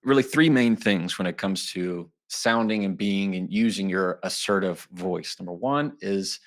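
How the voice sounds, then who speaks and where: Lively lower-voiced man explaining ideas. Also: measured pace. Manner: lively, often acting out little quoted exchanges. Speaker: lawyer and communication guest. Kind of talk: interview answers, explaining and teaching.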